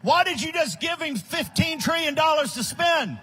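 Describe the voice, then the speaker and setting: A man giving a fiery, combative political speech at a conference, often shouting and scornful. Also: very high voice, expressive, moderate pace. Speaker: conference speaker. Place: large conference hall.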